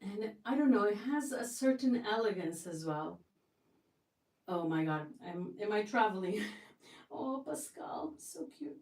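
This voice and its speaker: A woman's voice: medium pitch, unhurried, a little mellow. A woman hosting a casual livestream from her home kitchen, chatty and effusive, often restarting her sentences. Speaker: livestream host. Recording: roomy sound from a distance.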